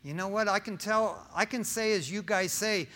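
This middle-aged preacher talks to the congregation like a conversation, asking questions, using slang, and sharing personal testimony. He speaks at a normal speed in a high, sharp voice.

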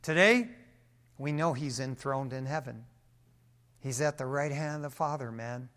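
A man's voice: medium pitch, moderate pace, fairly bright tone. A male pastor preaching a sermon in a casual, slangy, emphatic way.

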